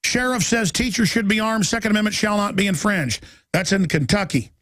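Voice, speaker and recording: Agitated high-pitched talk host. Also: male voice, slight background noise. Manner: urgent, agitated, rising to shouts; reads headlines aloud rapidly. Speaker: radio host. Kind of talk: talk radio monologue.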